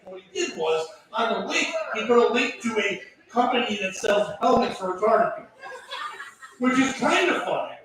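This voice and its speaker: A man's voice: high-pitched, normal speed. A man doing a crude, rambling open mic stand-up set in a small comedy venue. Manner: deadpan, crude, rambling delivery. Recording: echoey room, voice from far off.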